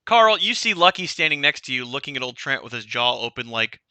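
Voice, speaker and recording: Give me a casual, rambling male game master with a bright voice and a dry mic. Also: medium pitch, sing-song, fairly quick, no room sound. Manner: casual, rambling, laughs while narrating. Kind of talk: narrating a tabletop game.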